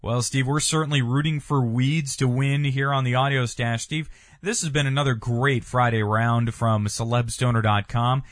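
A male host with a mid-range voice reads a scripted closing for his show in a smooth announcing manner. The recording is dry and close, with no room sound. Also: mid-range voice, fairly even intonation, moderate pace, no echo. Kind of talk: radio-style show sign-off.

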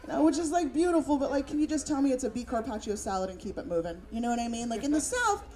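A woman's voice: high-pitched, sing-song, rapid-fire, darkish tone, a faint crowd. Brash, profane woman comedian. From San Francisco, USA. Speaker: stand-up comedian. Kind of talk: stand-up comedy set. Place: comedy club stage. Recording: live club with audience.

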